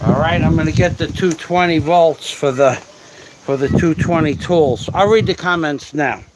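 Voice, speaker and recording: A man's voice: on the high side, unhurried. A man hosting a casual livestream while working outdoors, reading chat comments aloud and swearing freely. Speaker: livestream host. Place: outdoors in a yard, working on metal. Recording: loud outdoor background noise.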